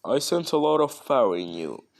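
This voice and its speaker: A man's voice: mid-range voice, very animated, normal speed, vocal fry. Kurama, a haughty giant fox a man voices. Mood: curious. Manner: proud, imperious. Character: giant male nine-tailed fox beast, haughty.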